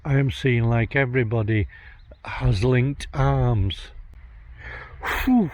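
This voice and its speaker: Slow, halting man in a graveyard. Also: medium pitch, darkish tone, no room sound. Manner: halting, hesitant, searching for words. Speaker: psychic medium. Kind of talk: walking vlog narration. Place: outdoor graveyard. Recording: dull lo-fi outdoor recording.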